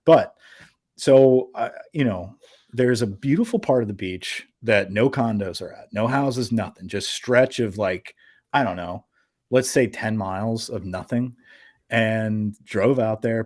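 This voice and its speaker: A young man hosting a podcast, telling a story in a loose, animated way, full of fillers and swearing. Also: on the low side, no room sound, studio quality. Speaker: podcast host. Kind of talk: casual storytelling.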